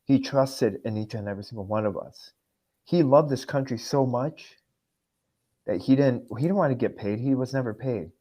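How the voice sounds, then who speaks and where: A man's voice: medium pitch, normal speed, mellow. Earnest, emotional male podcast guest. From immigrant. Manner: earnest, emotional, reads his own post aloud. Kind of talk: emotional interview talk.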